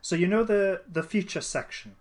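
A man's voice: high voice, normal speed. A man chatting casually as a podcast co-host, rambling with many restarts and fillers. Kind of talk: casual chat.

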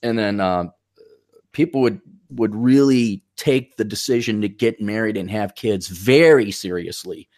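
A man's voice: on the low side, unhurried, a little mellow. A man hosting a casual talk show on a video call, rambling loosely with lots of fillers and restarts. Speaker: podcast host. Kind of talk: casual chat.

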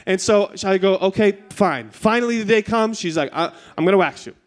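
A man in his thirties delivers a sermon with a light, high-pitched voice. He tells a funny story with animated energy, jumping up in pitch at the punchlines. Then he settles into earnest preaching. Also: a little fast, faint music behind. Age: 30s. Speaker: pastor. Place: church stage.

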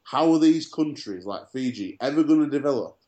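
A man's voice: medium pitch, animated, a little fast, warm tone. A man co-hosting a casual sports chat show, telling stories full of fillers and restarts. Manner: chatty storyteller, many fillers and restarts. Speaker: podcast co-host.

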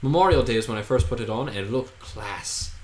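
A man in his twenties co-hosts a podcast, chatting casually and rambling with plenty of fillers. His voice is medium-pitched and a little fast, recorded in an echoey room with faint noise.

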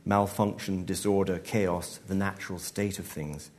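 Man reading his story aloud, measured. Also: low voice, steady tone, darkish tone. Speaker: author. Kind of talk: live reading of a short story. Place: live event venue.

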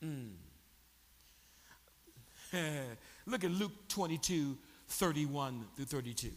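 A man preaching a sermon as pastor, animated, joking and calling on the congregation to respond. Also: fairly high pitch, takes it slowly, long pauses, in a large hall. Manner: animated preaching with crowd prompts and humor.

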